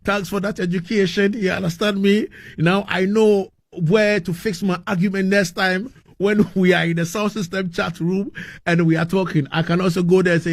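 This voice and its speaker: Effusive high-voiced radio host. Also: male voice, steady tone, moderate pace, dry recording. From Ghana. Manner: effusive, repeats words while gathering thoughts. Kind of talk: radio interview.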